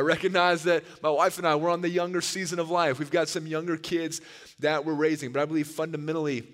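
A younger male pastor delivers a heartfelt sermon with a slightly raised pitch and an earnest, storytelling manner. His voice rolls out into a church sanctuary that holds a long reverb. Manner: earnest and storytelling, given to animated retellings. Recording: long reverb of a large hall.

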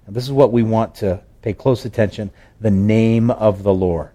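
A man's voice: fairly low pitch, steady tone, moderate pace, mellow. A male pastor preaching a sermon in a conversational storytelling way, with fillers and restarts.

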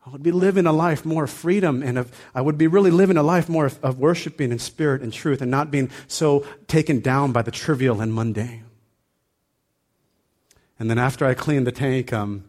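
A man with a medium-pitched, darkish voice preaches a sermon as pastor. He tells a personal story loosely and conversationally, full of fillers and restarts, before building into fervent, emphatic preaching.

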